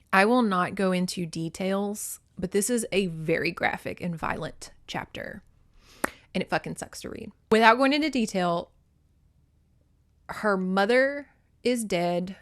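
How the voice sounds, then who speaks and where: A woman hosting a podcast, recapping a novel in casual chat, swearing often and reacting with feeling. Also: fairly low pitch. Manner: profane, emotionally invested storytelling. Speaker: podcast host.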